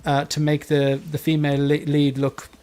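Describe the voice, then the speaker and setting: A man's voice: a little high, monotone, normal speed, darkish tone, clean tone. A man hosting a collectors' livestream panel, chatting casually with his co-hosts, rambling and laughing as he goes. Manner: rambling, restarts and trails off, laughs often. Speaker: livestream host.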